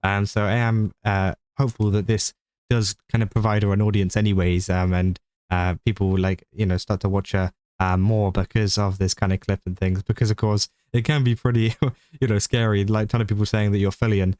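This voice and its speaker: A man's voice: on the low side, little pitch movement, fairly quick, a little mellow, clean tone, dry recording. A young British man casually commenting on clips, rambling with lots of fillers and restarts.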